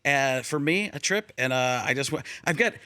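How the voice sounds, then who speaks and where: A man on a talk show as the guest comedian, chatting casually in a halting, jokey way that keeps interrupting itself. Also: mid-range voice, animated, bright, forceful tone, clean tone, no echo.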